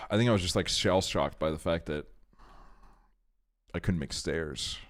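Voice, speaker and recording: A young man with a low voice talks a little slowly on his stream, telling long, meandering stories laced with fillers and curse words.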